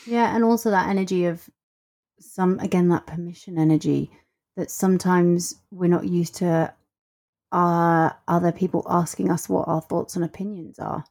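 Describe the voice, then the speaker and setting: Guest, female, lowish pitch, animated anecdotes acted out with voices. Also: normal speed, vocal fry. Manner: animated storyteller, acts out quotes. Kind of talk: casual conversation.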